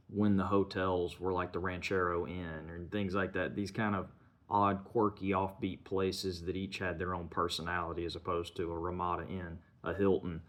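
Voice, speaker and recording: A man retelling a film's plot in a loose, conversational way, full of "you know" and "kinda" fillers. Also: low voice. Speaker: film reviewer. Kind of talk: casual film plot recap.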